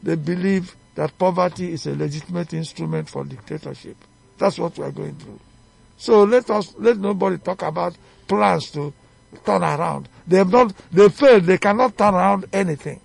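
Gravelly high-voiced Nigerian man, fiery. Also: normal speed, dry recording, faint music behind. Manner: emphatic, fiery, rhetorical questions. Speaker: studio guest, chief. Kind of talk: heated radio debate. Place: radio studio.

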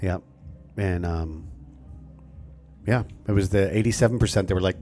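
A man's voice: deep voice, brisk, pauses often, a little mellow. Casual man co-hosting a late-night show. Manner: loose, profane, acts out other people's lines in a raised voice. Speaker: podcast co-host. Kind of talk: casual radio chat.

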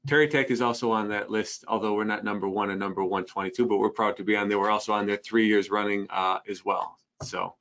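A man's voice: lowish voice, steady tone, fast talker, few pauses, a bit bright. A man hosting a business podcast, chatty and friendly, with frequent fillers as he asks questions. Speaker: podcast host.

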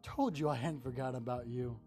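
A man's voice: medium pitch, fairly quick, over music, close to an everyday voice. A man voicing a menacing hooded monster. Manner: sneering, threatening.

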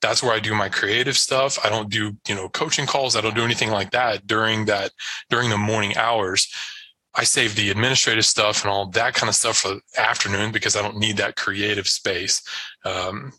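A man talking as a podcast guest in a relaxed, rambling way, full of fillers and restarts. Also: on the low side, brisk, no room sound, poor audio. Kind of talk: casual chat.

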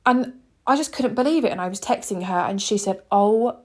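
A woman's voice: mid-range voice, animated, fairly quick, a little mellow, husky. A woman in her twenties, hosting a podcast and telling a personal story in an earnest, heartfelt, chatty way. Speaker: podcast host.

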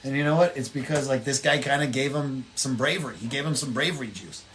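A man co-hosting a casual political chat podcast, telling stories in a rambling way and doing quick voices for the people in them. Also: medium pitch, a little hiss or hum. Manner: rambling, animated storytelling with voiced impressions. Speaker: podcast co-host.

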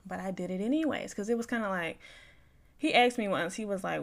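A young woman tells her own story on a podcast, frank and loose, with plenty of swearing. She plays out both sides of old conversations, dropping to quiet asides and then rising to loud outbursts. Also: mid-range voice, a little fast, creaky. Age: young adult. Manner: swings from quiet mumbles to loud bursts. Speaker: podcast host. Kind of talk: candid personal storytelling.

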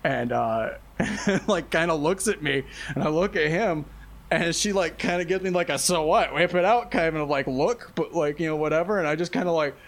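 Man, slightly higher voice, casual storytelling, lots of swearing, laughs through his words. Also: moderate pace. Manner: animated, laughing, heavy swearing, acts out quotes.

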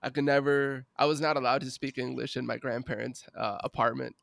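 A man's voice: mid-range voice, steady tone, brisk, vocal fry, fairly bright tone. A man in casual podcast chat, laid-back and slangy, saying bro and dude a lot. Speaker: podcast co-host.

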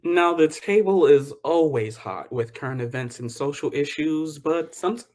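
A man's voice: fairly high pitch, moderate pace. A young man co-hosting a casual podcast, talking bluntly and mimicking rude customers. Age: young adult. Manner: expressive, blunt, mocking impressions. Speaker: co-host.

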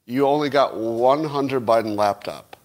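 A man voicing a demanding male Russian spy boss in a deliberately bad Russian accent, dry and mock-bureaucratic. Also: mid-range voice, close to an everyday voice. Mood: deadpan demanding. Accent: put-on bad Russian accent.

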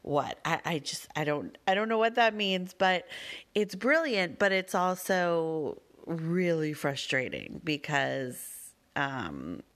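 A woman's voice: deep voice, expressive, slow, a bit bright. A mother telling a family story in a casual, chatty way, wordy and rambling with lots of fillers.

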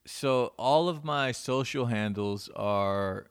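Laid-back gravelly-voiced man. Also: mid-range voice, slow pace. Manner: laid-back, swearing, many restarts. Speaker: guest DJ. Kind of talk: casual podcast chat.

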